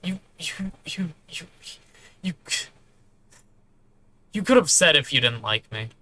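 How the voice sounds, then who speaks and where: A man's voice: mid-range voice, big pitch swings, brisk, bright, forceful tone. A man voicing a hurt young woman who is crying, stammering and lashing out. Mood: pleading. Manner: trembling, stammering, then lashing out.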